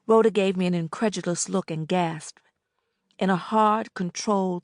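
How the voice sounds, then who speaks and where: A woman narrating an audiobook in the first person, in a measured, subdued way. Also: fairly low pitch, fairly even intonation, dry recording, studio quality.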